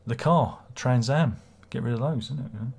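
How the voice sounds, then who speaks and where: A man's voice: mid-range voice, moderate pace, creaky, darkish tone, husky. A man hosting a casual livestream, rambling and swearing as he reads viewer comments aloud. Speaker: livestream host.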